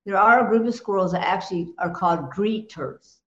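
A woman co-hosts a casual faith talk show and speaks with firm, emphatic assurance. Her voice sits at a middle pitch. The recording sounds dull and echoey, as if made in a reverberant room. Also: fairly quick, a bit bright, slight background noise. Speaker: co-host.

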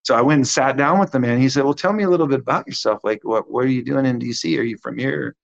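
A man giving a conversational testimony as a guest minister, animated and acting out the quotes of the people in his story. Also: medium pitch, fast talker, gravelly, dull audio.

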